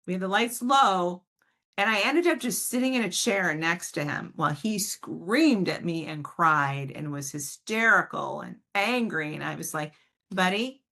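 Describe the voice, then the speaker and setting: A woman giving a casual talk on a video call, answering parents' questions and telling stories with warm, animated emphasis. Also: fairly low pitch, creaky. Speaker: parent educator, guest speaker.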